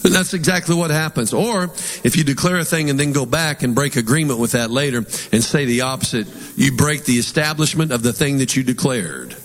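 A man's voice: medium pitch, brisk, long reverb tail. A man preaching a sermon as pastor, with emphatic delivery and call-and-response lines for the congregation.

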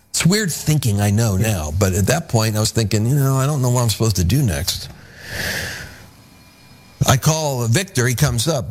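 A man in an interview, earnestly telling his conversion story and acting out the dialogue as he goes. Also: medium pitch. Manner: earnest, animated storyteller who acts out the dialogue. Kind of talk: conversational testimony.

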